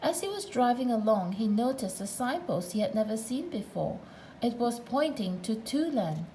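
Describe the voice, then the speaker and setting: A woman reading a children's storybook aloud in a playful, chatty way, turning to the listener with little asides. Her voice sits a bit high for a woman, with faint room sound behind it. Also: big pitch swings, normal speed, mellow, a little hiss or hum, low-quality recording. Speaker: narrator.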